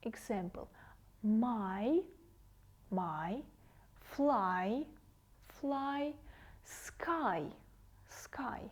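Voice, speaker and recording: A woman English teacher giving a TV lesson to children, saying each word slowly and carefully and repeating it twice. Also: fairly high pitch, lively intonation.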